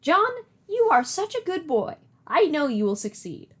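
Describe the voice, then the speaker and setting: A woman's voice: high voice, sing-song, a little slow, pitched above the performer's own voice. A woman voicing a wise older grandmother spirit, speaking in a theatrical, solemn storytelling lilt. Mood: doting.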